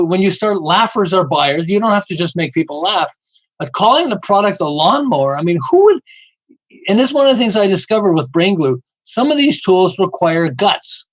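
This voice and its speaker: A man's voice: high-pitched, lively intonation, normal speed, fairly bright tone, low-quality recording. A man telling marketing stories in a podcast interview, emphatic and often asking "okay?" as he acts out little dialogues. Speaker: podcast guest, marketing author. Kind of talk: animated storytelling interview.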